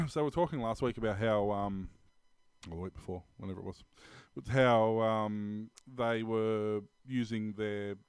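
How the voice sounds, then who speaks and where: A man's voice: fairly low pitch, clean tone, dry recording, clean studio sound. An Australian man co-hosting a tech news podcast, talking casually with many ums and restarts. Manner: rambling, many ums and restarts, laughs often. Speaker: podcast co-host.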